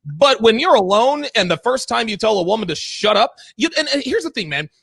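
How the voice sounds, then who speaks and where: A man's voice: high-pitched, sing-song, a little fast, gravelly, fairly bright tone, breathy edge, dry recording. A man hosting a talk show, telling stories in a blunt, emphatic, profane way. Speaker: podcast host. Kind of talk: casual chat.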